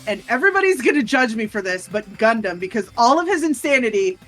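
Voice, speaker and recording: A woman streaming a video game, chatting casually with a co-host and tossing out quick asides. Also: on the high side, sing-song, fairly bright tone, soft background music. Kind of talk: casual gaming banter.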